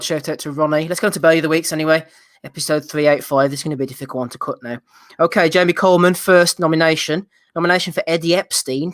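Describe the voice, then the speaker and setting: A man's voice: a little high, fairly bright tone, dry recording, clean studio sound. A British man hosting a casual boxing podcast, laughing often and reading out listener nominations. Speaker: podcast host.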